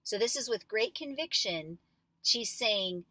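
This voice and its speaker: A woman's voice: fairly high pitch, animated, measured pace, bright, forceful tone, dry recording. A woman coaching actors through a scene, explaining line by line with hesitant fillers. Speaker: drama coach.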